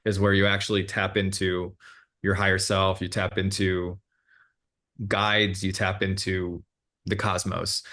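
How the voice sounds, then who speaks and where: A man's voice: fairly low pitch, fairly bright tone. A man working as a hypnotherapist, explaining his sessions in a casual interview, meandering, with many fillers and self-corrections.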